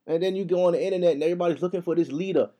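A young man hosting a podcast in a casual, profane, heated rant, talking fast. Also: sits high, mellow. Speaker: podcast host. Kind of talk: casual ranting monologue.

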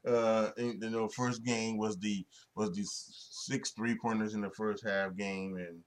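A man's voice: fairly low pitch, little pitch movement, measured pace. A young man hosting a solo sports podcast, talking in a rambling way with many restarts and fillers and frequent chuckles. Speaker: podcast host.

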